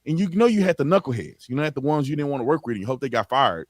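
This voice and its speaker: A man's voice: mid-range voice, big pitch swings, racing, no room sound, studio quality. Plain-spoken man, interview guest. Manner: frank and plain-spoken, casual slang. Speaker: guest, former police officer. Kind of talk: interview answers.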